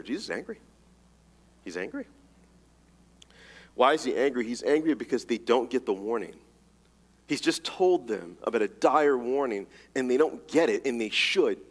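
A man's voice: medium pitch, in a large hall. A man preaching a sermon, emphatic and casual, reading scripture and telling a story. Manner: animated, rapid-fire emphatic delivery, casual slang.

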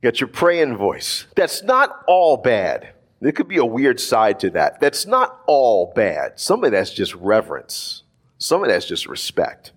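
Speaking a little slowly in a mid-range voice, this preacher walks through Bible verses in a relaxed, chatty sermon. Asides pop up constantly, and his animated delivery is sprinkled with "like" and "right?".

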